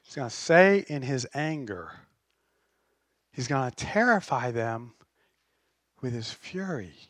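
A man's voice: mid-range voice, very animated, slow pace, fairly bright tone, no room sound, clean studio sound. A man preaching a sermon as pastor, passionate and emphatic.

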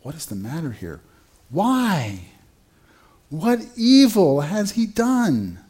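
A preacher voicing an exasperated, incredulous Roman governor in a sermon. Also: male voice, a little high, huge pitch swings, slow pace, a little mellow, slightly rough, voice pushed up, heavily acted. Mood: dismayed. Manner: incredulous, pleading. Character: exasperated Roman governor, male, middle-aged.

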